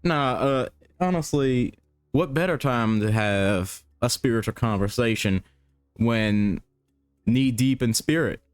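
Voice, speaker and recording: A man's voice: medium pitch, takes it slowly, smooth, no room sound, clean studio sound, soft background music. A man playing at a tabletop game, joking and teasing casually. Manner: teasing, jokey. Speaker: player.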